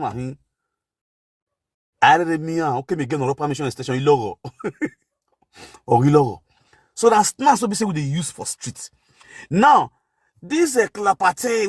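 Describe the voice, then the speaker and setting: Animated Benin City man, Pidgin street talk. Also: a little high, slightly rough, no echo, clean studio sound. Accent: Nigerian Pidgin, Edo (Benin City). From Benin City, Nigeria. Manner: animated storyteller, shouting catchphrases, laughing. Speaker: talk show guest.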